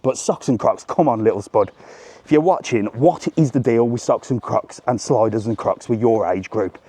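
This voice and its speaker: Strolling outdoors through a hotel resort, this middle-aged man films a live walking tour on his phone, chatting animatedly and repeatedly saying "look." As a travel vlogger, he speaks in a medium pitch at a moderate pace, and the recording is dry.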